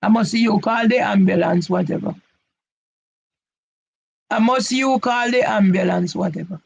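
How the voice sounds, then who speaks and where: A man speaks in a high voice with a gravelly, husky edge as he rants at a viewer during a live stream. He is accusing and confrontational and circles back over the same words. The audio is dull and lo-fi. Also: normal speed. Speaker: channel host.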